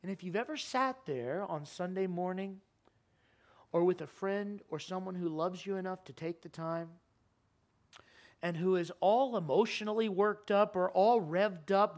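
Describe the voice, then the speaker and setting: A man preaching a sermon in a church, impassioned, his voice climbing high and loud, then sinking to a quiet, earnest plea. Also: moderate pace. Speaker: pastor. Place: church sanctuary.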